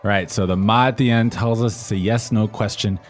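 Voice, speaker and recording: Guy co-hosting a chinese lesson, keeps asking "right?", soft music behind. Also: lowish voice, fairly even intonation, brisk. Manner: prompts with questions, often ends with "right?". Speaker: co-host, learner's voice. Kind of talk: scripted language-lesson podcast. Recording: faint music bed.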